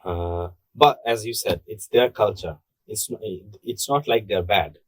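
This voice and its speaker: Recorded dry and rough, a Bangladeshi man's low, husky voice moves at a measured pace through casual podcast chat. Animated and prone to repeating words, he slips into playful accent impressions.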